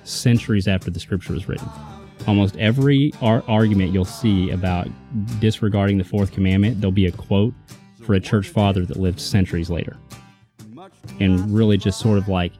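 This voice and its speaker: Mellow low-voiced male Bible teacher. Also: fairly even intonation, brisk, soft background music. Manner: conversational, emphatic, checks in with "right?". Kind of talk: casual teaching talk.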